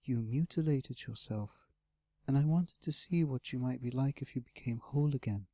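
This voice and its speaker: A man voicing a caring young female blue dragon, speaking softly and gently in an audiobook. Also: medium pitch, normal speed, no room sound, studio quality, close to an everyday voice. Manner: soft, gentle. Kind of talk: audiobook character voice.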